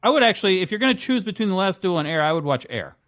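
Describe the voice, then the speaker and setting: Animated, slightly higher-voiced man. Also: racing. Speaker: podcast co-host. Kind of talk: casual comedic chat.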